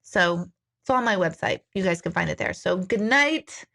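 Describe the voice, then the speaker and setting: A chatty woman hosts a relaxed live-stream question-and-answer session from her home. Her talk is informal and friendly. She reads viewers' comments aloud, laughs easily and moves on in an easygoing way. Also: lowish voice, moderate pace, vocal fry. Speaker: intuitive hosting a live Q&A. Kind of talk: casual live-stream chat. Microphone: live-stream device mic.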